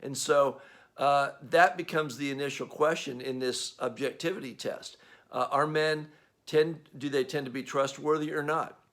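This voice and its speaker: A man's voice: on the high side, fairly even intonation, normal speed, a bit bright. Conversational Australian male pastor preaching. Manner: conversational preaching with frequent uh fillers, acts out quoted voices. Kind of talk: sermon.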